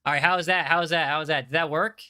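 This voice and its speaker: A man's voice: a little high, steady tone, rapid-fire, sharp tone, clean tone. A man casually chatting on a game livestream, reading chat aloud and often repeating himself.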